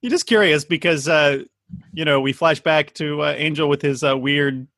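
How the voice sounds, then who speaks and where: A man co-hosting a podcast, joking in a dry, deadpan way in casual chat. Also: a little high, normal speed, no room sound. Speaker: podcast co-host.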